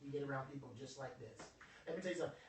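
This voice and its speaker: A young man giving an informal motivational talk to a small group, lively and joking in a preacherly way, calling on his audience. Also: medium pitch, racing, a crowd in the background. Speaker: motivational speaker. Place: indoor room with a small audience. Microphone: phone livestream from across the room. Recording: echoey room, voice from a distance.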